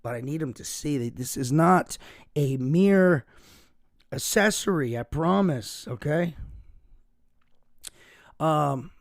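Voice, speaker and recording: Raspy, hoarse man hosting a podcast. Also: fairly high pitch, lively intonation, slow pace, long pauses, no room sound, studio quality. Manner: rambling and self-mocking, says "dude" a lot. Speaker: podcast host. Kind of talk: casual solo podcast chat.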